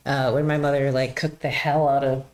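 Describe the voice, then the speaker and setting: A middle-aged woman guest in casual chat, relaxed and agreeable, often giving brief replies. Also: a bass voice, normal speed, far from the mic. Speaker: podcast guest.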